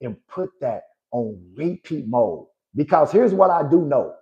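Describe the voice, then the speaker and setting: Lively, preachy man in his forties. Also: mid-range voice, a little slow, dull audio. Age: 40s. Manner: emphatic and preachy, tags lines with "right?" and "good people". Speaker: life coach and host. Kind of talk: motivational live talk.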